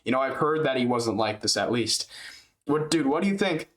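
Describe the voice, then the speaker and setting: A man's voice: medium pitch, animated, fairly quick, fairly bright tone. Young guy, casual rant, slang and swearing, rambling, middling voice. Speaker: reaction video host. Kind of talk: casual reaction commentary.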